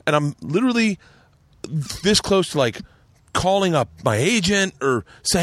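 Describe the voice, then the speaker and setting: A man's voice: a little high, very animated, moderate pace, a bit bright, no room sound. Guy hosting a podcast, rambly storyteller, curses a lot, dry close sound. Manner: rambling storyteller, acts out quotes, swears freely. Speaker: podcast host. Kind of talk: casual chat.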